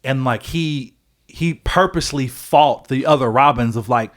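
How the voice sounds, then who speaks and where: A young man with an ordinary mid-range voice chats on a podcast. He rambles through a story excitedly, stacking fillers and the odd swear word, like a buddy catching a friend up. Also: mid-range voice, a little slow. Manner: excited, rambling retelling with many fillers and profanity. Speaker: podcast co-host. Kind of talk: casual podcast chat.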